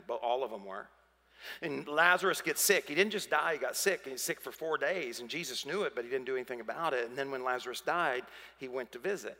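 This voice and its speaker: A pastor preaches a sermon in a reverberant hall, his medium-pitched voice pushed and bright. He's emphatic and dramatic, acting out the voices of biblical figures in his story.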